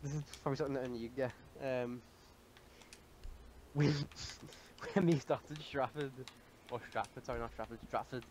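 A man's voice: medium pitch, fairly even intonation, moderate pace, long pauses, a little mellow, a little hiss or hum. A man in casual gaming chat, rambling through a story, laughing and cursing often.

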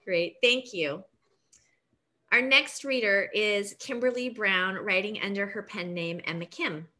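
A woman host introduces each author at a group reading. Her voice is bright and forward, and she reads the introductions at an even, middle pitch. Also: unhurried. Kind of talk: event hosting, reading introductions.

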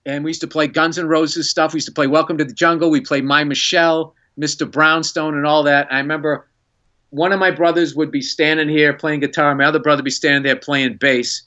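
A man, a stand-up comedian, telling an animated story with laughs. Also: fairly high pitch, dull audio. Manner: animated, laughing, fast-paced anecdote telling.

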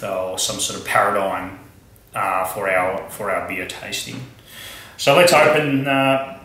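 A man's voice: fairly low pitch, sharp tone, roomy sound, slight background noise, low-quality recording. A man from Australia reviewing a beer at home in a casual tasting vlog, chatty and wry, with many fillers and asides.

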